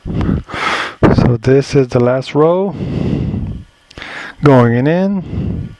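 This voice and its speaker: This man, a color management instructor, gives an informal step-by-step screen-recorded tutorial, reasoning aloud with plenty of fillers and restarts. His voice is a little high, captured by a camera mic in a small indoor workspace with no room sound.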